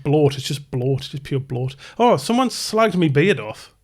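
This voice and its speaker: Man, podcast co-host, crude joking banter, higher voice. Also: big pitch swings, moderate pace, a little mellow. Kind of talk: casual chat.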